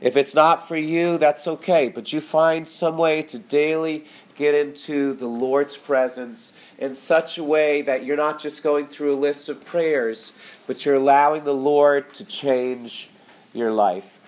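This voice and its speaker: A man's voice: fairly high pitch, steady tone, a little slow. A middle-aged male pastor giving a conversational sermon and praying aloud, with fillers and tag questions. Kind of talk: sermon with spoken prayer.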